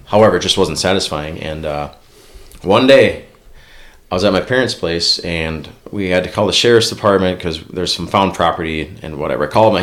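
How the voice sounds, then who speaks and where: A man in his thirties from Minnesota with a very deep, low voice, chatting as a podcast guest. He tells his story casually and slips into the voices of people he's quoting. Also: quick pace, a bit bright. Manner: storytelling, acts out remembered dialogue. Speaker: podcast guest, police officer and Marine veteran. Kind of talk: casual chat.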